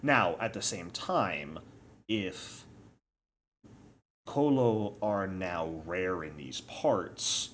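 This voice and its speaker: Deep-voiced man running a tabletop game. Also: animated, drawn-out words, long pauses, a bit bright, a little hiss or hum. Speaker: game master.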